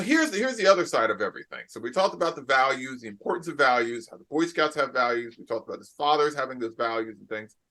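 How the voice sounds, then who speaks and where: A man's voice: medium pitch, a bit bright. A man from New Jersey hosting a podcast interview, talking emphatically and repeating phrases for effect. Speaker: podcast host and keynote speaker. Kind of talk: casual interview chat.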